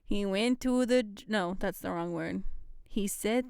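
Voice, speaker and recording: A woman's voice: medium pitch, unhurried, gravelly, a little mellow, smooth, dry recording, studio quality. A young woman co-hosting a podcast in casual chat, giggling and laughing often. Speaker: podcast co-host.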